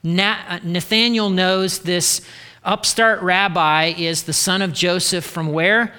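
Bright-voiced man preaching in an echoey hall. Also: sits high, fairly even intonation, slow, clean tone. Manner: casual, joking asides. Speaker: pastor. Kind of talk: sermon.

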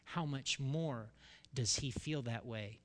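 A middle-aged man preaching a sermon as pastor, telling a story with sudden loud bursts and quiet asides. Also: mid-range voice, slow pace.

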